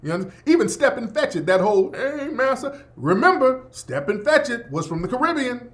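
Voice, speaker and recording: Blunt, profane radio host. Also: male voice, very high-pitched, very animated, brisk, fairly bright tone. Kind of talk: opinionated monologue. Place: Los Angeles.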